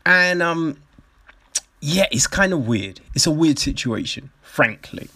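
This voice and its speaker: Young male host, rambling profane commentary, animated swings in pitch, unhurried delivery. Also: no room sound. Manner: rambling, swears a lot, animated.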